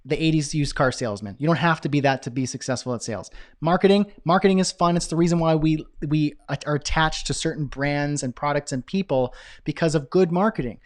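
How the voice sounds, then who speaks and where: Energetic man teaching a live webinar. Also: a little high, fairly quick. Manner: energetic, chatty, self-deprecating asides. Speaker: online business course instructor.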